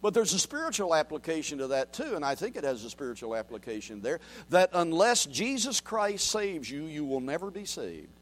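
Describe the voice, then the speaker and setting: A man preaching a sermon with a high voice and a very lively, animated pitch. He drops to quiet murmurs, then climbs to loud, ringing declarations as he reads scripture aloud. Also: brisk, few pauses. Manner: reads scripture aloud and asks the congregation to repeat. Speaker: pastor.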